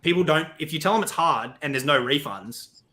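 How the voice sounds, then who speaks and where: Blunt, bright-voiced man. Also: fairly high pitch, lively intonation, a little fast. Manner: blunt, swears, quotes himself. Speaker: podcast guest. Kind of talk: casual chat.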